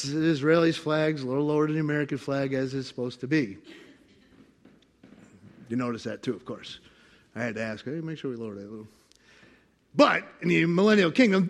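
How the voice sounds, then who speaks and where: Male pastor, sermon, high voice, lively swinging delivery, church. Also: moderate pace, creaky, long pauses. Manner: animated, acts out God's voice with laughter.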